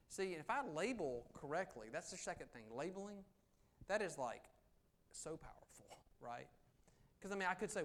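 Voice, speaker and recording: A man from the American South, giving an animated, conversational presentation as an attorney to a professional group. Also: on the high side, fairly quick. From Southern United States. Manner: animated, conversational, acts out quotes. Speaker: attorney giving a negotiation talk. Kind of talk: conference presentation. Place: meeting room.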